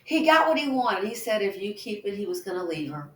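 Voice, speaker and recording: A woman's voice: medium pitch, very animated, brisk, fairly bright tone. A woman giving reaction commentary, emphatic and indignant, with rhetorical questions. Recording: echoey room.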